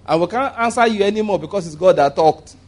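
Animated preacher, high-pitched man. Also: fast. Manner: conversational and humorous, chuckling at his own jokes; animated, jumping up in pitch for emphasis. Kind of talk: sermon.

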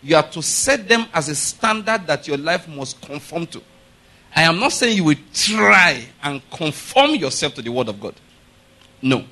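A middle-aged pastor delivers a sermon in a high, bright voice, speaking emphatically at a moderate, sing-song pace. He frequently pauses to check whether the congregation is following, and he firmly repeats his points.

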